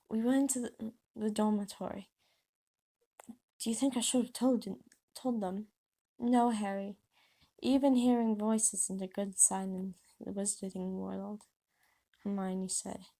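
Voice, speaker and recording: A woman's voice: medium pitch, vocal fry, mellow. Woman casually reading her story aloud. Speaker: author reading her fanfiction.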